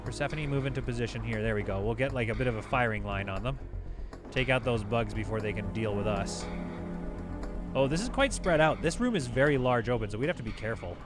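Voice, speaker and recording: A gaming YouTuber with a medium-pitched voice talks fast through an excitable, chatty let's-play of a space game, laughing often as game music plays behind him.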